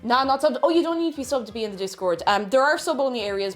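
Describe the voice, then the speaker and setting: A woman's voice: fairly high pitch, lively intonation, fast, hardly any pauses, soft background music. A woman with an Irish accent hosting a casual baking livestream, chatting and greeting viewers by name as she reads the chat. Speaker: livestream host.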